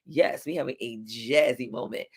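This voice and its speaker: A man's voice: medium pitch, moderate pace, vocal fry, breathy edge. A man hosting a live-streamed music show, upbeat and chatty, talking straight to his audience. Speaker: host.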